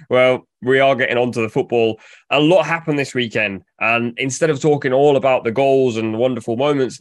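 Man, podcast host, mid-pitched, dry close sound, steady presenting manner. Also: fairly quick, dry recording. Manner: steady, presenting, moves the chat along. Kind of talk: casual football chat.

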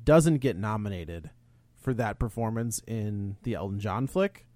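A man's voice: lowish voice, measured pace, mellow, no echo. Rambling man recapping a movie. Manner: rambling, recaps plot with fillers and restarts. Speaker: podcast co-host. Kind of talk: casual movie review chat.

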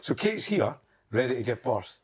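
A man's voice: medium pitch, big pitch swings, moderate pace, breathy edge. A Scottish man, a guest on a podcast, telling wild anecdotes in casual chat, swearing and laughing as he goes. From Scotland.

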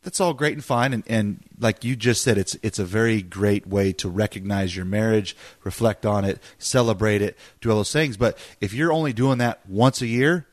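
A man's voice: fairly low pitch, normal speed, few pauses, no echo. A man co-hosting a podcast in casual chat, earnest and opinionated, pressing his point through restarts. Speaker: podcast co-host.

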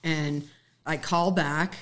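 A woman's voice: low voice, steady tone, takes it slowly, fairly bright tone. A woman guest telling a personal story in earnest, acting out the dialogue she quotes.

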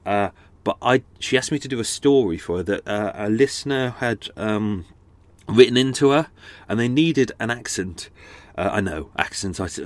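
A lower-pitched man talks into a close microphone, and the sound is dry with no room echo. He rambles casually through his podcast with plenty of asides and restarts. A slightly blocked nose colours his voice. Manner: chatty and meandering, frequent restarts and asides. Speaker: podcast host. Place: on a houseboat. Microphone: studio microphone close up.

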